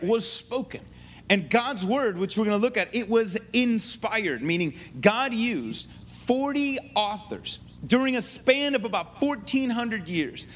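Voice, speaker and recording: A man's voice: sits high, a bit bright, a little hiss or hum. A man preaching a sermon in a conversational teaching style, full of asides and restarts. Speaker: pastor.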